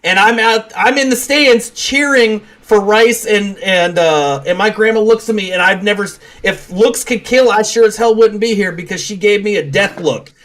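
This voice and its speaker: Man, high voice, rambling, casual, swears a lot, podcast co-host. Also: moderate pace, hardly any pauses, a bit bright. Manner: rambling, swears, laughs often. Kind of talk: casual chat.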